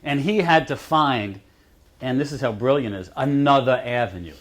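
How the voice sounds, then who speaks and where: A man with a mid-range voice and a lively, swinging pitch tells anecdotes to a lecture audience. He is chatty and chuckles at his own stories. His manner is loose and conversational. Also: normal speed. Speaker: advocate speaking at a college lecture. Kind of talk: storytelling talk to an audience. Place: lecture room.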